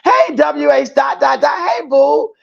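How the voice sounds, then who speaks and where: High gravelly man gossiping on a livestream. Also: expressive, measured pace, a bit bright, muffled recording. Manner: chatty and gossipy, greets viewers as boo. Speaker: livestream host. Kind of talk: casual chat reading viewer comments.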